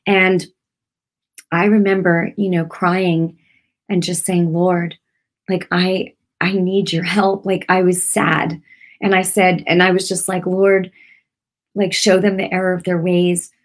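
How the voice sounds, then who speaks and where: A woman's voice: fairly low pitch, flat delivery, slow. Earnest middle-aged woman giving devotional teaching. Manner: earnest, conversational, repeats phrases with many fillers. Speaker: Christian teacher.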